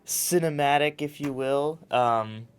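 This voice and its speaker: A man's voice: a little high, slow pace, clean tone. A man co-hosting a comedy podcast, teasing dryly with some hesitation. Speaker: podcast co-host. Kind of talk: casual comedy chat.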